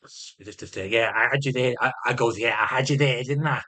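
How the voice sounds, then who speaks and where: A middle-aged vlogger rants through a casual monologue in a brisk, bright, pushed voice of medium pitch. He swears heavily, restarts and repeats phrases as he goes, and now and then mimics other people's voices.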